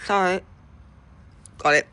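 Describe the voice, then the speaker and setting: A woman's voice: slow, pushed and bright. A woman chatting casually with viewers on a livestream. She laughs often and swears casually. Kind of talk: casual chat with live viewers.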